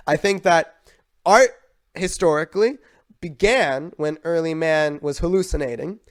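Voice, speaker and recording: Playful man telling stories on a podcast. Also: on the high side. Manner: storytelling, playful, teasing. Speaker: podcast co-host. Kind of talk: casual chat.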